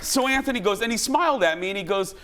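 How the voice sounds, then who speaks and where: A man hosting a talk show, chatting casually and telling stories with lots of animation, often switching to high voices for quoted lines. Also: expressive, fast, over a noisy crowd, very noisy. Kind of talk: casual studio chat.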